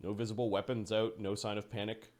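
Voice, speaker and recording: A man narrating a tabletop game as game master, slow and deliberate with pauses. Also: on the low side, flat delivery.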